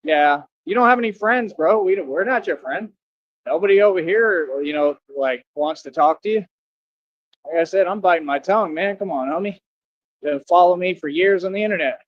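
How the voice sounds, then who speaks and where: A man's voice: high-pitched, a little fast, no echo, highs cut off. A man hosting a livestream, talking casually to his chat and mocking commenters in a combative way. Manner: combative, mocking, talks back to viewer comments. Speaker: livestream host.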